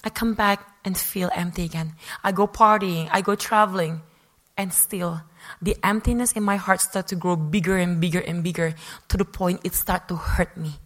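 A woman's voice: fairly low pitch, fairly even intonation, moderate pace, fairly bright tone. A woman, a former fashion model, giving a personal testimony talk, acting out her own past remarks as she tells it. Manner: repeats and restarts phrases.

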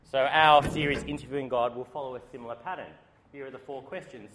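A man giving a sermon, telling a story in a lively, humorous way. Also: medium pitch, quick pace. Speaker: preacher. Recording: faint background noise.

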